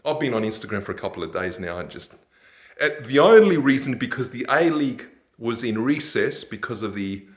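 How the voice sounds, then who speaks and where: A man, ranting in a rambling, sardonic monologue and laughing at his own jokes. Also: deep voice. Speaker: vlogger.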